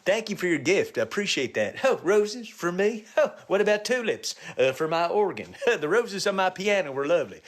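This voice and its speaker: Middle-aged male comic, slightly high voice, crude riffing with live viewers, low mutters and sudden high yelps. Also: sing-song, moderate pace. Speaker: comedian live-streaming. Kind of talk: rambling live-stream banter with viewers.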